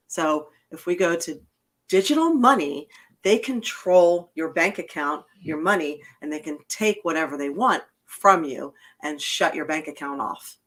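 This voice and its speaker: A woman's voice: deep voice, fairly bright tone. A woman hosting a political podcast, talking bluntly and emphatically, swearing freely in casual chat. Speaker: podcast host.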